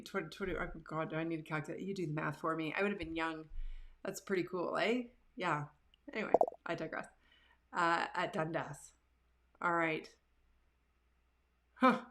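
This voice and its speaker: A woman, hosting a live show from her living room and telling stories about herself in a casual, animated, self-deprecating way. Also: on the low side. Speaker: livestream show host. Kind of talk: casual storytelling to live viewers.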